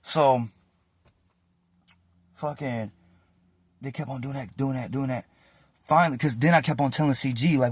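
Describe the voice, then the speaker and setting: A man telling a casual, animated story about his past in slangy, profane talk. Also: medium pitch, normal speed, pauses often, breathy edge, dry recording, clean studio sound.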